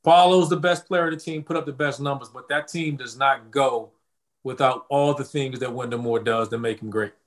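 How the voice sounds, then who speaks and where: A man's voice: medium pitch, steady tone, normal speed. A man co-hosting a casual sports chat, speaking earnestly and laughing easily. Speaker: co-host.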